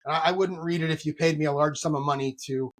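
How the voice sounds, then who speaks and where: Fast-talking husky man venting. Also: a little high. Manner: animated storytelling, venting about bad service. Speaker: podcast co-host. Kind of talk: casual podcast chat.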